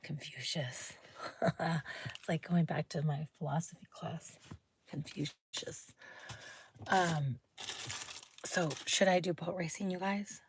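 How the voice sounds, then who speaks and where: This livestream host speaks from home in a lowish, fairly even voice at normal speed, with background noise audible. She rambles through a casual chat with viewers, thinking out loud and frequently sinking into a whisper.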